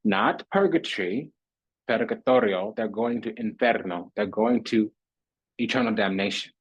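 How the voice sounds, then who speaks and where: A man's voice: on the low side, animated, moderate pace, vocal fry, slightly rough, no echo, muffled recording. A man giving a spiritual tarot reading monologue, preaching in repetitive, rhythmic lists. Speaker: tarot reader.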